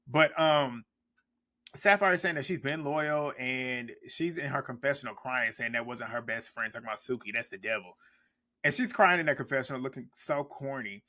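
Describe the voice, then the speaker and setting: A man's voice: mid-range voice, normal speed, bright, forceful tone. A man recapping a reality TV episode in a casual reaction vlog, blunt and profane, laughing often as he talks.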